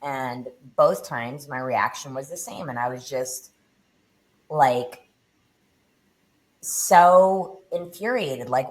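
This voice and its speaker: A middle-aged woman appearing as a podcast guest recounts her personal story intensely, swearing often. She speaks low and deliberately.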